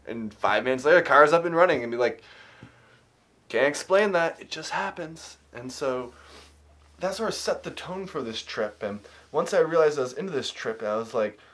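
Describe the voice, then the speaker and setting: A man at an everyday middle pitch tells a personal story straight to camera. His talk rambles and is full of fillers and restarts. He speeds up and grows animated as he retells the tense moments. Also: a little fast. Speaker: vlogger.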